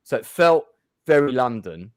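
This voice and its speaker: A man's voice: mid-range voice, very animated, moderate pace, no room sound, studio quality. A man hosting a casual review chat show, talking with many fillers and restarts.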